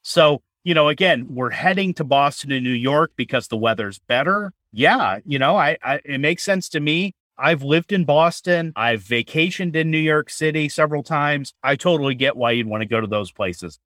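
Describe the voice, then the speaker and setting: A man's voice: fairly high pitch, expressive, normal speed, few pauses, sharp tone, no room sound, clean studio sound. A man co-hosting a casual chat, talking in a chatty way with restarts and repeated words. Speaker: co-host.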